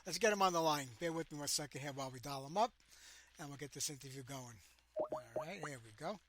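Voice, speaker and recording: A man's voice: fairly high pitch, expressive, quick pace, heavy background noise. A man hosting a live radio show, chatting loosely while he dials a guest. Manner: loose and chatty, talks through dialing attempts.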